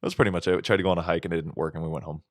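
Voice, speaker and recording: A man co-hosting a podcast, telling a casual, animated story with plenty of swearing. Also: deep voice, racing, no room sound. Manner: animated, profane, acts out voices in stories. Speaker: podcast co-host.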